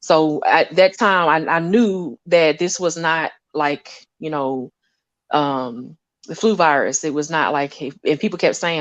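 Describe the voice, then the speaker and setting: A woman scientist talking casually about her lab work, animated and often laughing as she acts out conversations. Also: sits low, a little slow, no room sound, highs cut off.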